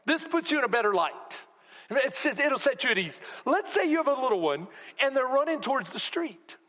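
A man preaching a sermon as pastor to a congregation, swinging between loud exclamations and hushed asides. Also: very high-pitched, very animated, brisk. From Texas. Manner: preaching with rising shouts and sudden quiet drops. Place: church sanctuary. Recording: long hall reverb.

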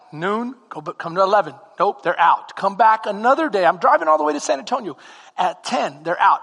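A man preaching a sermon as comic storytelling, animated and now and then breaking into shouts. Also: high-pitched, gravelly, long reverb tail. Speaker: pastor.

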